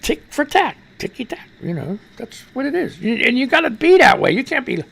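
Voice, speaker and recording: A gravelly male talk radio host who rants about the news with plenty of swearing. His pitch swings widely and shoots up high when he gets worked up. He breaks off his read-aloud items with blunt asides. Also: brisk, hardly any pauses. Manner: voice climbs high when excited, profane. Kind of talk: ranting news commentary.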